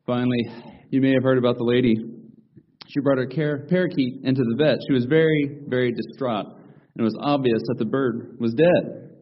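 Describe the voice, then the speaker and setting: A man preaching a sermon, opening with folksy jokes and stories before slowing down to read scripture. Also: mid-range voice, highs cut off.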